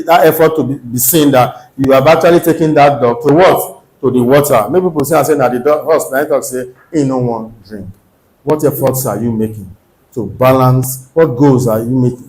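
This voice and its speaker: Nigerian preacher exhorting in an echoey church. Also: male voice, mid-range voice, darkish tone. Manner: earnest, exhorting with rhetorical questions. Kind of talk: sermon.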